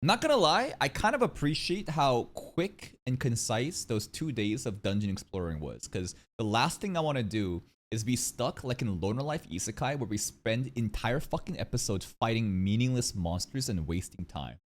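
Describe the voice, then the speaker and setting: A woman streaming her reaction to an anime episode, excitable and swearing freely as she comments. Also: extremely low pitch, moderate pace, hardly any pauses.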